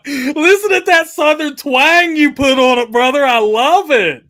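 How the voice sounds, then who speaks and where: A man hosting a livestream chat, excitable and hyping up his guest and viewers. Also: very high voice, takes it slowly. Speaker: host.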